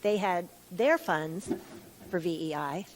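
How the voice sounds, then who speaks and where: A woman's voice: fairly low pitch, a little hiss or hum, poor audio. Woman testifying at a formal hearing. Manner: measured, detailed answers with some restarts. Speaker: utility staff witness. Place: hearing room.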